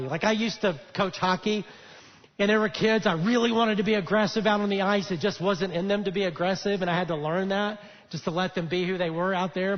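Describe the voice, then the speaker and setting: A man, the lead pastor, gives a sermon in a relaxed, chatty storytelling manner with frequent fillers and restarts. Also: high-pitched. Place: church auditorium. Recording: dull echoey church hall.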